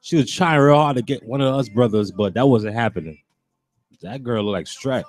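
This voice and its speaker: A man's voice: mid-range voice, moderate pace. A man hosting a radio show, bantering in a laid-back, slangy way with a New York accent. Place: radio studio.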